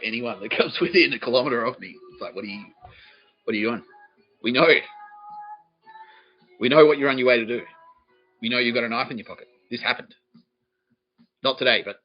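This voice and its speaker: A man hosting a solo comedy podcast, rambling deadpan and profane, often laughing at his own jokes. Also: on the low side. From Australia. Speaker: podcast host. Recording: dull lo-fi recording.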